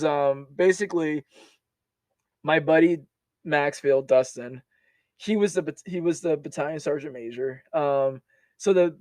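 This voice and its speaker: A young man, an army veteran, telling stories as a podcast guest in a lively, casual way, laughing often and restarting sentences. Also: on the high side, dry recording. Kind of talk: casual storytelling.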